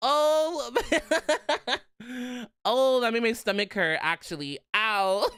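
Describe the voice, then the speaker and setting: A man's voice: extremely high pitch, drawn-out words, pushed and bright, clear, resonant tone, no room sound, studio quality. A young man streaming casually, rambling and giggling, with lots of "like" fillers. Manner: rambling, giggly, heavy use of "like". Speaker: vtuber streamer.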